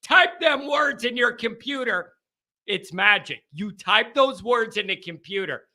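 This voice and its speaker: A man hosting a call-in sports show, talking in an animated, joking, rambling way. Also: high-pitched, measured pace. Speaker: podcast host. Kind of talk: casual call-in show monologue.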